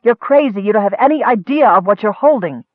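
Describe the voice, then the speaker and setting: A man voicing an urgent, desperate male elf who pleads and shouts. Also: high-pitched, expressive, a little fast, no room sound, phone-quality sound, voice pushed up.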